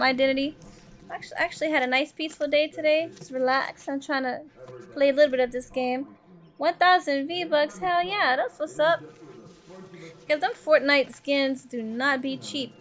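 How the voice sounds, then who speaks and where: Brief: high, chatty woman streamer, swears freely and greets chat by name, dull lo-fi mic. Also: a bit bright. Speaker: livestreamer. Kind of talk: casual live-stream chat while gaming.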